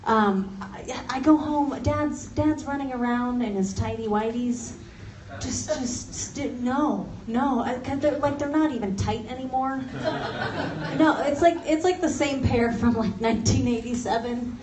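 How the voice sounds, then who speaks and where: A woman's voice: on the high side, measured pace. A young woman from Los Angeles doing a stand-up comedy set, chatty and self-mocking, laughing through her lines. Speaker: stand-up comic. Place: office turned into a comedy venue. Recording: roomy office space, mic at a distance, noisy.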